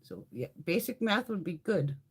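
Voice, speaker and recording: Husky, profane woman chatting live. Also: fairly low pitch, normal speed. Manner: profane, animated storytelling with frequent laughs. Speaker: livestream host. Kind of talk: casual live chat.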